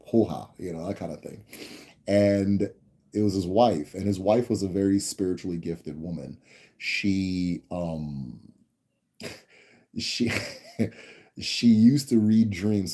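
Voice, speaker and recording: A deep-voiced man talks viewers through a long family story on a live stream. His tone is very dark and mellow. He rambles, restarts his sentences and keeps checking in with his listeners. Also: husky. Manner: rambling, with many restarts and tag questions. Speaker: host answering viewer questions.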